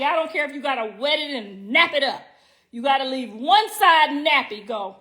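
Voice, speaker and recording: A middle-aged woman with a high voice hosts a livestream from home, brash, profane and teasing as she talks straight to her viewers. She stretches words out for emphasis, and dishes and cutlery clink faintly behind her. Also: expressive, normal speed, fairly bright tone. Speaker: livestream host. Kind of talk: casual livestream chat. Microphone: phone livestream.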